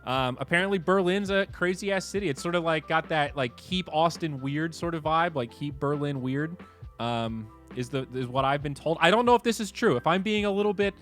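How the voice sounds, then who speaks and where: A man hosting a casual livestream chat, animated and swearing, moving between low mutters and excited outbursts. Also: brisk, faint music behind. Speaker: streamer host.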